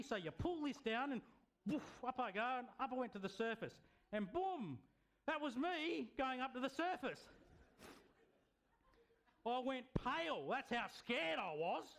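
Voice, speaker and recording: A man telling an animated story to children at church, often stopping to ask the kids questions. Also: very high voice, measured pace. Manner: lively, asks the kids questions.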